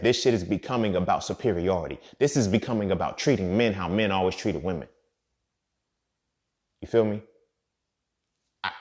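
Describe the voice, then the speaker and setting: A man hosting a podcast and speaking a casual monologue, blunt and profane, repeating his points. He swings from loud emphatic outbursts to quiet muttered asides. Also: lowish voice. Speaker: podcast host.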